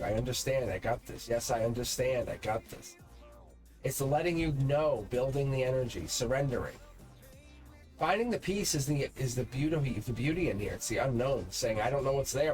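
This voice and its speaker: A man of middle pitch teaches tarot in an unscripted, reflective way, wandering from one thought to the next as he encourages the listener. Faint music plays quietly under his voice. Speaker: tarot reader and channel host. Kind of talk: unscripted tarot lesson to camera.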